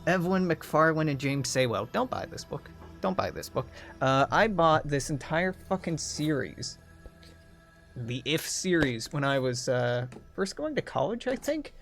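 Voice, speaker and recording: A man's voice: fairly high pitch, big pitch swings, measured pace, a bit bright. A young man hosting a gaming video, chatting casually in a sardonic, profane, rambling way over background music. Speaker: gaming channel host.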